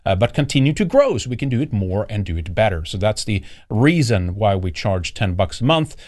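A man's voice: lowish voice, very animated, brisk, a little mellow. A man co-hosting a livestream, talking casually with many fillers and restarts. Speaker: co-host.

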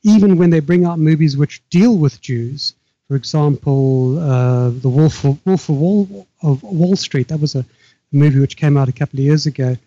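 Older guy, very dark voice, halting and restarting a lot, dull lo-fi audio. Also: on the high side, no room sound. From South Africa. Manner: measured, halting with frequent restarts. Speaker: guest author. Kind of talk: remote interview conversation.

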